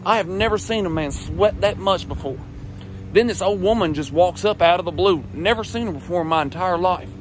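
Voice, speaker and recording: A man telling a crude comic story in a brash, profane, excited way. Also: sits high, fairly quick, slight background noise. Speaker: comedian.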